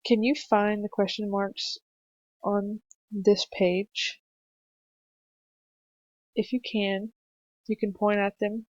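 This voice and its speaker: A young woman narrating a screencast punctuation lesson for children, explaining slowly and patiently with some fillers. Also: mid-range voice, little pitch movement, no room sound. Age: young adult. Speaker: student teacher presenting a lesson. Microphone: computer mic for a screencast. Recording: dry, slightly dull home mic recording.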